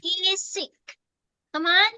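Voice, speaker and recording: Slow, high-voiced patient woman teacher. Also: pushed and bright, no room sound, rough recording. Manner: patient, coaxing, repeats prompts. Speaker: English teacher. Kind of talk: one-on-one lesson with a child.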